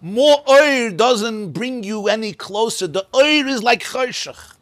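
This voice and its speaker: A rabbi teaching a class on mystical texts in a synagogue, emphatic and animated, repeating words for stress and mixing in Hebrew and Yiddish terms. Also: male voice, very high-pitched, slow, dry recording.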